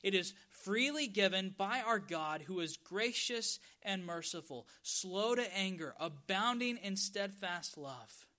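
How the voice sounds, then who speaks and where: A male pastor delivers a sermon. His voice sits high and sounds bright and forceful, and he slows right down on the words he wants to land. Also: animated. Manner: emphatic preaching, stretches key words slowly for stress.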